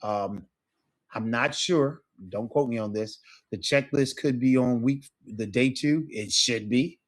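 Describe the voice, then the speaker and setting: Man, teacher, patient explainer, mid-pitched voice, checks in often. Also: a little slow. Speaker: Spanish teacher. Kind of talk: online class lesson.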